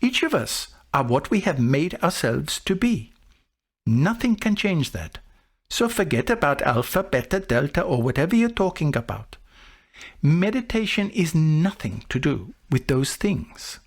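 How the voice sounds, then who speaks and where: A man voicing a calm, patient male Buddhist monk who teaches through gentle, measured questions. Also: a little high, pitched above the performer's own voice, exaggerated voice. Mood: calmly teaching.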